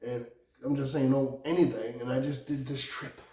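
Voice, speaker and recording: Guy rambling and swearing, laughs a lot, yells sometimes, mid pitch, far off the mic. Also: flat delivery, normal speed. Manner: meandering, profane, laughs often, bursts into loud outbursts. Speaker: vlogger. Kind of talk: rambling personal monologue. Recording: echoey room, distant from mic.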